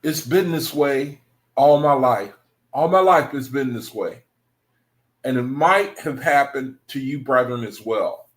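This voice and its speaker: A man's voice: mid-range voice, a little slow. A man hosting an online study group, talking casually and rambling, repeating himself and calling his viewers brethren. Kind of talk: casual livestream talk to viewers.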